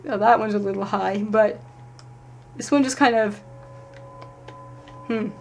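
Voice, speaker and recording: A woman giving casual live commentary while playing a game, thinking aloud, swearing, and moving between sudden loud outbursts and quiet muttering. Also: medium pitch, steady tone, measured pace, creaky, slight background noise. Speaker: let's play streamer.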